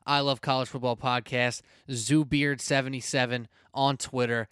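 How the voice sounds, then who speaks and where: A man hosting a sports podcast, energetic, blunt and chatty. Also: mid-range voice, normal speed, clean tone, no echo, studio quality. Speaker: podcast host. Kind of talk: casual sports podcast talk.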